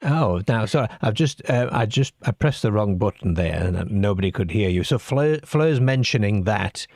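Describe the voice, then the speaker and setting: Late-night radio host, male, middle-aged: low-pitched, unhurried delivery, measured with fillers. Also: lively intonation, darkish tone, no echo, studio quality. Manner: slow, measured, with many fillers. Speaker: host of a call-in show.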